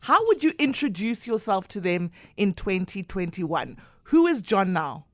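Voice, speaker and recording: A woman's voice: mid-range voice, big pitch swings, a little slow, no echo. A woman co-hosting a morning radio show, joking playfully with the guest. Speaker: radio co-host. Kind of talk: breakfast radio chat. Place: radio studio.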